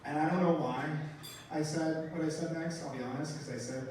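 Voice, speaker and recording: Brash high-voiced comedian in a club. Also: male voice, steady tone, fairly quick, noisy background. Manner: brash, profane, mock-outraged delivery. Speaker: stand-up comedian. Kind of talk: stand-up comedy set. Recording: roomy live club sound, mic heard from a distance, crowd. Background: audience laughter.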